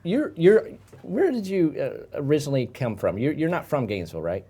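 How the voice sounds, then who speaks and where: A man's voice: a little high, very animated, a little fast, dark tone, slightly rough. A man hosting a casual interview show, jokey and self-deprecating. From Florida. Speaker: host. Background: faint background music.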